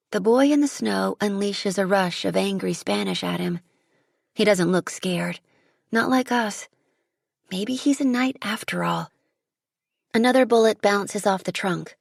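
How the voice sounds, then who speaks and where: Husky, gravelly woman narrating an audiobook. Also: mid-range voice, measured pace, no echo, clean studio sound. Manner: vivid, dramatic storytelling. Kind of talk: first-person audiobook narration.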